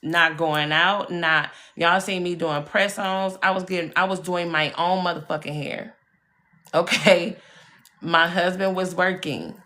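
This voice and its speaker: Bright-toned woman on a live stream, kinda low-pitched, chatty, swears a lot, keeps saying y'all. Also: fairly even intonation, measured pace. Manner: chatty and emphatic, swears freely, addresses viewers as y'all and baby. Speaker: live-stream spiritual reader. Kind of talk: casual live-stream storytelling.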